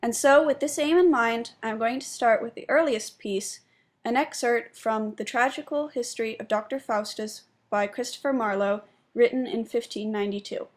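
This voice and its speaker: A young woman with a fairly high voice reads her essay aloud. Her delivery is measured and explanatory, careful and deliberate, like a student presenting her own analysis. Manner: measured and explanatory, stressing syllables when demonstrating meter. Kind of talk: read-aloud spoken essay.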